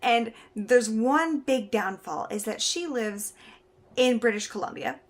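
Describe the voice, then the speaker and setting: A young Canadian woman with a slightly high voice tells a story to her camera. She chats along casually and brightly, her words spilling out with easy laughs. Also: unhurried. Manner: chatty, animated, laughs while telling. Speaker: vlogger.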